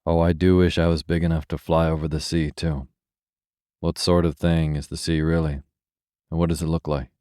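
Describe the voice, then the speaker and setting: A man's voice: extremely low pitch, little pitch movement, moderate pace, warm tone, clean tone, dry recording, clean studio sound. A man voicing a yearning young fir tree. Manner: yearning, eager questions.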